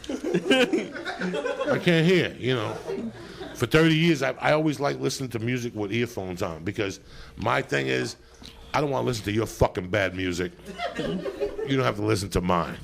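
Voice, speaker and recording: A middle-aged male comedian hosting a live podcast from a comedy club stage, ranting in a profane, animated storytelling style. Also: mid-range voice, normal speed, gravelly, long pauses. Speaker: comedian host. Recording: live club recording, loud crowd laughter.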